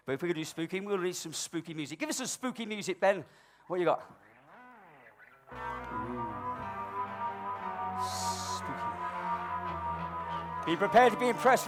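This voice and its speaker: Performing live comedy balloon modelling on stage, a man needles an audience member with cheeky, mock-dramatic banter. He swings back and forth between booming announcements and low asides.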